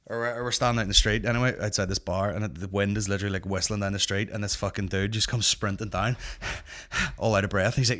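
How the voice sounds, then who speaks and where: Northern Irish male comic host, fairly low voice, loose and profane, rambling storyteller. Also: quick pace. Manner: sweary, rambling, animated. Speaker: comedy podcast host. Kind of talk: casual storytelling.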